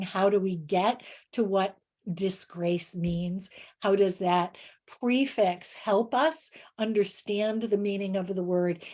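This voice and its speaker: A woman presenting on reading instruction in a webinar, answering questions in a halting way with many pauses and word examples. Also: mid-range voice, darkish tone. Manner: halting, many fillers and restarts.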